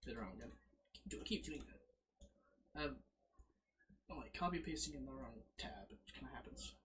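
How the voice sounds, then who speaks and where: A man's voice: on the high side, moderate pace. A man casually narrating as game master, fumbling with his setup and correcting himself as he goes. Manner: lively, fumbling with slides, self-correcting.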